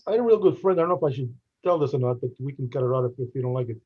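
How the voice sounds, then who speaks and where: A man's voice: medium pitch, rapid-fire, husky. Rambling storyteller man, lo-fi sound. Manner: rambling anecdotes with restarts and laughs. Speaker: podcast co-host. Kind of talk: casual chat, storytelling. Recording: dull lo-fi sound.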